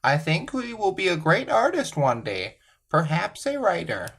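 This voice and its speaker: A man voicing a prim female schoolteacher in a storybook reading, lifting his voice into a gentle, lilting tone. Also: sits high, sing-song, measured pace, gravelly, breathy edge, voice pushed up, exaggerated voice. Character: prim female schoolteacher writing a report card.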